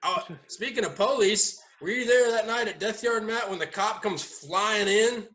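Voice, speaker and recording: A man chatting casually at a round table, telling lively stories and laughing often as he goes. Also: high-pitched, normal speed, dull audio. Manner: animated storyteller, laughs often. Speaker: haunt owner, podcast regular. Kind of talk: casual storytelling chat.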